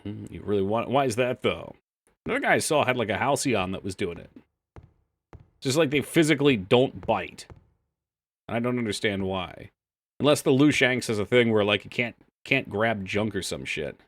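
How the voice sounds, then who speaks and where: His voice is on the low side and his pace moderate as he plays a game live, making casual talk with chat, swearing liberally, and sometimes reciting game files in a flat tone.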